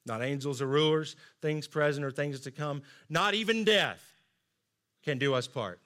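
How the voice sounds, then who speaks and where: A middle-aged man preaching a sermon, earnest and emphatic, often dropping to soft asides. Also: medium pitch, fairly even intonation, normal speed. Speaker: pastor.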